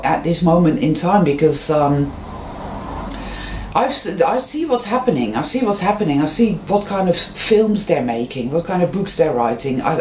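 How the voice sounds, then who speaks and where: In this loose, rambling spiritual talk, a vlogger keeps breaking off and starting over, leaning on fillers, and the pitch leaps once a story gets underway. The voice is mid-range and somewhat dark. A roomy echo surrounds it, and a little ambient noise lingers underneath.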